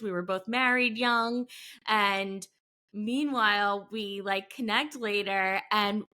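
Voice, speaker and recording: A middle-aged woman co-hosts a podcast in easy, casual conversation. She tells stories in a rambling way, full of asides and side notes. Her pitch sits in the ordinary middle range for a woman. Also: fairly even intonation, slow pace, bright, forceful tone, clean tone. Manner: chatty storyteller, rambling with many asides. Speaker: podcast co-host. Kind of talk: casual chat.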